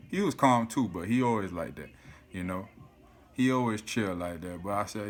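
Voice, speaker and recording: Animated man telling a story. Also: lowish voice, a little fast. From South Florida. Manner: animated, swears often, keeps saying "you feel me". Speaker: vlogger. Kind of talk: casual storytelling to camera.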